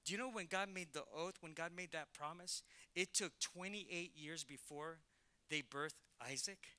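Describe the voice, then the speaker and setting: A middle-aged male pastor preaching a sermon in an animated way, acting out Bible characters in casual slang. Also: fairly high pitch, moderate pace, smooth.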